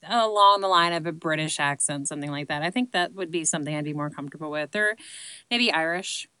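A woman's voice: fairly low pitch, bright, forceful tone, clean tone, no room sound, rough recording. A woman in her late thirties with a Southern accent, chatting casually to camera and answering questions in a rambling, self-deprecating way full of ums. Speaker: vlogger answering viewer questions. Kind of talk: casual chat.

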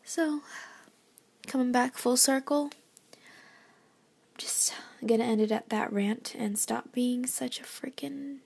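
A young woman giving a rambling, halting late-night rant that is often whispered and self-deprecating. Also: on the high side, creaky, a little mellow, husky. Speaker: vlogger.

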